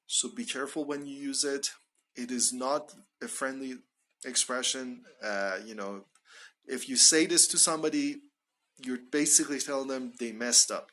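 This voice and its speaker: A man teaching English phrases in a live online lesson, explaining each one and acting out example lines with sudden jumps in pitch. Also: bright, forceful tone. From Iran.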